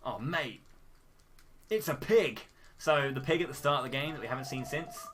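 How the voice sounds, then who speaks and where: Brief: male speedrunner, bright forceful tone, jokey and theatrical delivery. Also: mid-range voice, normal speed, a little hiss or hum. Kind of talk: live speedrun commentary.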